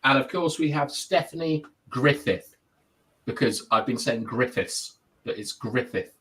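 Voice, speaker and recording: A man's voice: mid-range voice, moderate pace, poor audio. A man hosting a live football chat show, reading out viewer comments in a chatty, laughing way. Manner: lively, chatty, laughs often. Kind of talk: casual live-stream chat.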